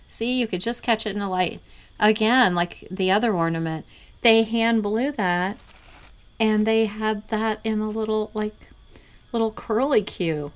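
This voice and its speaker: A middle-aged woman reselling vintage goods, chatting casually to her viewers and often dropping into an excited hushed near-whisper. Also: medium pitch. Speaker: vintage reseller showing inventory. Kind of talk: casual vlog chat.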